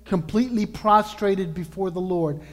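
Man, pastor, earnest sermon, emphatic, high voice, long hall reverb. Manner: earnest, emphatic preaching with slow drawn-out lists.

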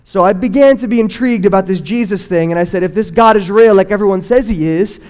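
A young man giving an earnest personal faith testimony, telling his story and acting out what people said in lively bursts. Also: high voice, quick pace. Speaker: testimony speaker.

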